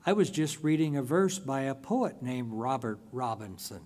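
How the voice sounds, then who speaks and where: A man playing an earnest young churchgoing woman who gently urges a stranger back to faith, in a softly pleading way. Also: medium pitch, lively intonation, normal speed, lightly acted. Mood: wondering.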